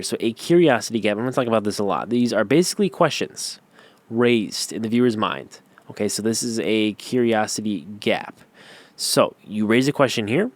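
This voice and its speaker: A man's voice: lowish voice, no room sound. A young man giving a casual tutorial, talking loosely with many ums and restarts while sketching on screen. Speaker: YouTube growth course teacher.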